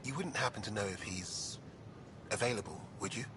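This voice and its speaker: A man's voice: on the low side, fairly quick, natural voice. An actor playing an awkward, hesitant male hangar worker in a video game. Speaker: game character. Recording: audible background noise.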